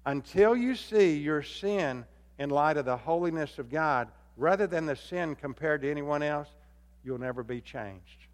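A man preaching a sermon as pastor, swinging between loud emphatic calls and low hushed appeals. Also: expressive, unhurried. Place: church sanctuary. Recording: long hall reverb.

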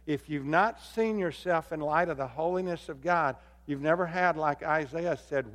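A man preaching a sermon as pastor, swinging between loud emphatic calls and low hushed appeals. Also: normal speed, few pauses. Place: church sanctuary. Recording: long hall reverb.

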